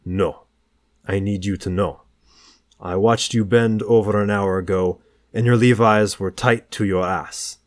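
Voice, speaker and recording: Male reader doing a French seducer: French accent, slow and insistent, low and dry. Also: fairly even intonation, dry recording, natural voice. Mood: commanding. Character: languid, intense French man, a seductive stranger.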